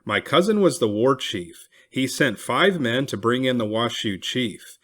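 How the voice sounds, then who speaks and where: A man reading a historical memoir aloud, expressive and raising his voice for cried-out quotes. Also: mid-range voice, measured pace. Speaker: reader.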